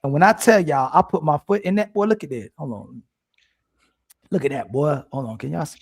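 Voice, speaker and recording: A man's voice: fairly high pitch, a little fast, creaky, husky. A man hosting a casual livestream panel, reading super chats aloud in a slangy, playful, teasing way.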